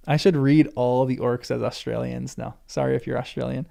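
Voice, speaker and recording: A man's voice: medium pitch, fairly even intonation, fairly quick, creaky, warm tone. A man reading a novel aloud for the first time, breaking off for chatty asides and correcting his own slips. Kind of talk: reading aloud with casual commentary.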